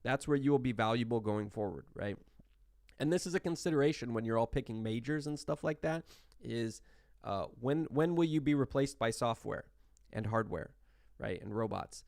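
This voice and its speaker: A man records an online class lecture in a relaxed, conversational way, often restarting his sentences and checking in with his students. His voice has a gravelly, fry-laden edge. The sound is dry and close, with no room around it. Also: medium pitch, moderate pace, no room sound. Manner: conversational, tag questions, frequent restarts. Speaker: statistics instructor.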